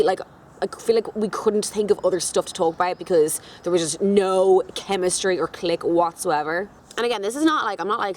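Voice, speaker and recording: A woman's voice: on the low side, darkish tone. A young woman, casually telling a dating story to camera, full of fillers and swearing. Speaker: beauty vlogger.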